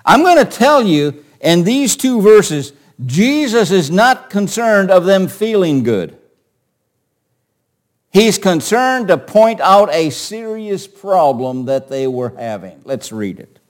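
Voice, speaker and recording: A man preaching a sermon, asking his listeners rhetorical questions and swinging from quiet asides to forceful declarations. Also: sits high, very animated, takes it slowly. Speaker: pastor.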